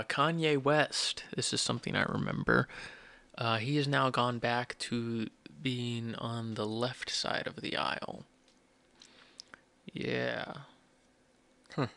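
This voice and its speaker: Gravelly young man rambling solo. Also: medium pitch, pushed and bright. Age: 20s. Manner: rambling, self-deprecating, restarts often. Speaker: podcast host. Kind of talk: solo rambling podcast talk.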